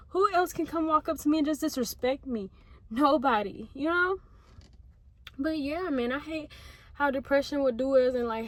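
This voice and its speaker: An eighteen-year-old woman giving an earnest, emotional pep talk to camera from her parked car, swearing freely as she talks. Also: fairly high pitch. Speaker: vlogger.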